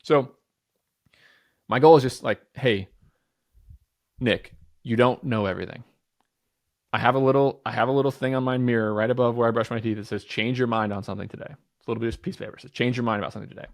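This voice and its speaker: A man in his thirties is a guest on a podcast, chatting casually. He speaks at a medium pitch in a steady, gravelly tone, racing along with energy and emphasis, repeating phrases, restarting sentences and swearing casually.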